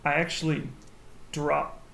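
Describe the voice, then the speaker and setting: Relaxed male player, gravelly voice, echoey room with faint noise. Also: fairly high pitch, unhurried. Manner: relaxed, laughing, with many fillers. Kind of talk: tabletop game table talk.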